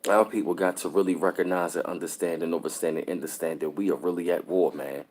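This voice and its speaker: Low-voiced upset man streaming live. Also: fairly even intonation, fast, darkish tone. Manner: repetitive, somber, greets chat viewers mid-sentence. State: upset and disturbed. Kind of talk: casual live stream talk.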